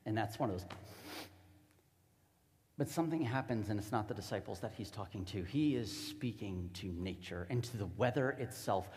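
A man's voice: fairly low pitch, fairly quick, a little mellow, in a large hall. A man preaching a sermon as a pastor, telling the story casually and with animation.

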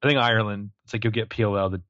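A man co-hosting a podcast in casual chat, chatty and quick to laugh. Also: lowish voice, steady tone, a bit bright, no room sound, highs cut off. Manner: chatty, laughs easily, jokey voices. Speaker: podcast co-host.

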